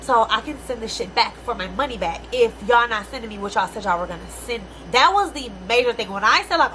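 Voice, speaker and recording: A young woman vlogging a casual storytime rant, animated and exasperated, swearing freely in slangy speech. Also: a little high, quick pace, few pauses, a little hiss or hum.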